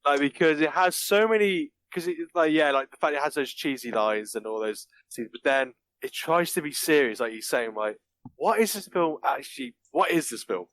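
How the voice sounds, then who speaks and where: A man's voice: a little high, lively intonation, normal speed, a bit bright. A man chatting casually on a podcast, laughing often and acting out movie lines in mock voices. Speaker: podcast guest reviewing a film. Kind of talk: casual chat.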